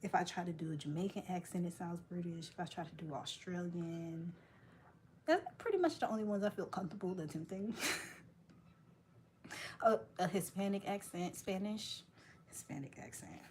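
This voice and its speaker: A woman's voice: fairly low pitch, animated, normal speed, darkish tone, slight background noise. A woman vlogging in casual chat while she works, playful and joking, laughing often.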